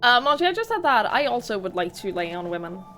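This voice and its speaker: Playful young woman streamer, bright voice. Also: a little high, very animated, fast, soft background music. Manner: playful, giggly asides. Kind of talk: casual gaming stream chat.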